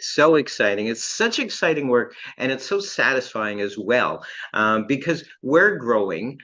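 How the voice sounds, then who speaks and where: Deep-voiced woman co-host, dull sound. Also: very animated, measured pace, a bit bright. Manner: agreeable, affirming. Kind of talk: casual chat.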